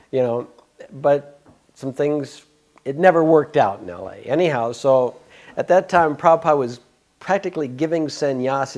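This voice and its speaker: Speaking in a medium-pitched, slightly mellow voice, a man in his sixties shares a long story from earlier in life for an interview. His reminiscing rambles, breaks off mid-thought, and includes frank asides.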